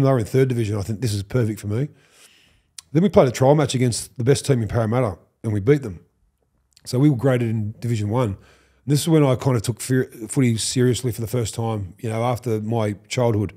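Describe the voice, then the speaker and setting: An Australian man in his fifties, a podcast guest, telling animated stories, swearing freely and acting out what others said. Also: mid-range voice. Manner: animated, swears, acts out quoted lines. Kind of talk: storytelling interview.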